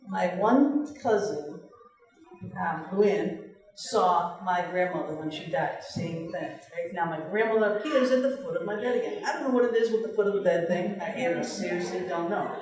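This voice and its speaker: A middle-aged woman on a panel, telling stories in a chatty, animated way. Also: fairly low pitch, moderate pace. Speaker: panelist, paranormal radio host. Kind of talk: storytelling on a panel. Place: large event room. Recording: very echoey room, far from mic.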